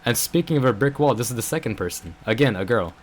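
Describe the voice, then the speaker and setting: This young adult vlogger has a medium-pitched, animated voice and talks fast over a little hiss or hum. He rambles through his story with constant "bro" and "like" fillers, venting his frustration.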